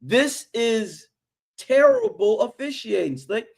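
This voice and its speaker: A man's voice: very high voice, huge pitch swings, takes it slowly, vocal fry. A man co-hosting a live sports reaction stream, fired up and blunt, calling out to his co-host as he talks. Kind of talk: casual sports reaction chat.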